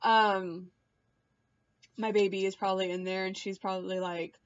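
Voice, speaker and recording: A young woman recapping reality-show drama in a casual, animated way, mimicking people in high voices and swearing offhand; she is pregnant and queasy. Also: normal speed, long pauses, no echo. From Puerto Rican and Cuban heritage. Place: hot room at home. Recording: dull, dry home recording.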